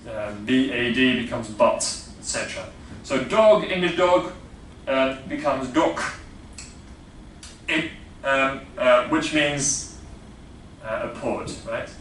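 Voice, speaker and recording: In an echoey lecture room, captured from afar with slight background noise, a man with a Dutch accent teaches phonetics. He explains slowly and step by step, filling pauses often and asking "yeah?" again and again, in a mid-range, somewhat bright voice.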